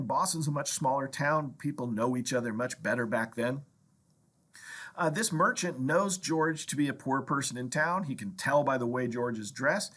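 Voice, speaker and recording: A man's voice: mid-range voice, fairly bright tone, slightly rough. A man lecturing as a history professor, telling a story and acting out quoted lines, with frequent "right?" checks to the class.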